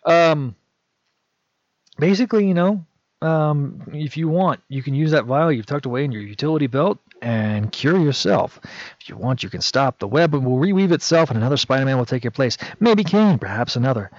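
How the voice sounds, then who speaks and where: A man's voice: medium pitch, animated, normal speed, natural voice. A man voicing a cryptic old woman seer who speaks in mysterious prophecies. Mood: ominous. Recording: dull lo-fi dry recording.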